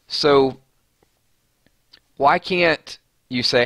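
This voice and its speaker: Male stream host, lowish voice, chatty and joking, dry close sound. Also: lively intonation, normal speed, fairly bright tone, no room sound. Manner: chatty, joking, reading viewer comments. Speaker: livestream host. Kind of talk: casual chat.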